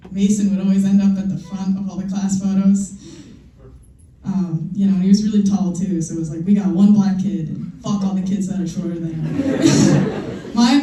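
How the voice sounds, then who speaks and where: A woman's voice: mid-range voice, mellow. A young woman performing a stand-up comedy set, telling self-mocking stories in a loose, conversational way. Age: young adult. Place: live comedy show in a room. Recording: echoey room, mic far off, noisy.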